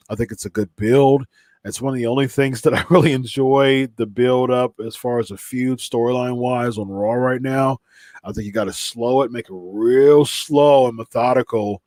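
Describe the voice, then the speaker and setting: A man's voice: medium pitch, darkish tone, dry recording. A man hosting a live podcast stream, chatting casually in a rambling way full of fillers and restarts, a little stuffy from a cold. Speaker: podcast host.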